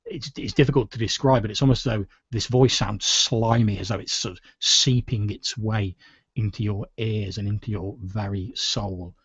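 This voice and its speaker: A man's voice: lowish voice, fairly even intonation, normal speed, breathy edge, no room sound, dull audio. A man running a tabletop game as game master, narrating scenes at length with many "sort of" hedges. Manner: descriptive, with frequent "sort of" hedges.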